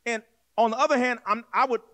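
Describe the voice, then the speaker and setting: Speaking very fast with an extremely high, sharp voice and fairly even intonation, this man preaches as a pastor. His sermon unfolds as a conversational story, direct in manner, with acted-out voices, repeated words, and frequent restarts.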